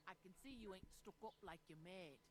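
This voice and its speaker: A woman's voice: on the low side, fairly quick, a loud crowd, lightly acted. A woman voicing a blunt, bossy village innkeeper in a video game. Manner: bossy, plain-spoken, folksy.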